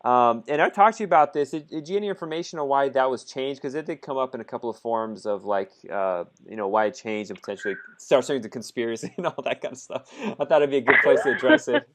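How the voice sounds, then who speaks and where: A man hosting a podcast interview, asking loose rambling questions in a relaxed way and laughing often. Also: mid-range voice, fast. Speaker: host, immigration lawyer. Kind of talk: casual interview chat.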